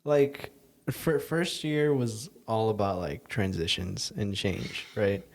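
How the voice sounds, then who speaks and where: A man's voice: fairly low pitch, slow. A young man from Southern California, co-hosting a podcast in casual chat, rambling with lots of fillers and restarts. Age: young adult. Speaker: podcast co-host.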